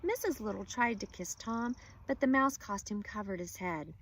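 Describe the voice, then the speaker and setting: A woman teacher reading a children's chapter book aloud, expressive and engaging. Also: mid-range voice, normal speed. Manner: expressive storyteller.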